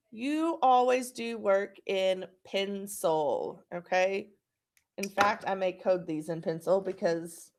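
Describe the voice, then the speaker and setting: A woman teacher leading a patient, encouraging phonics lesson for young children. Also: mid-range voice.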